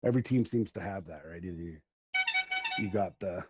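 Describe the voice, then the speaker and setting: A man's voice: deep voice, brisk, loud music behind the voice. A middle-aged man hosting a podcast, telling long rambling stories in casual chat and laughing along the way. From Central Alberta, Canada. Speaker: podcast host. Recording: dull lo-fi recording.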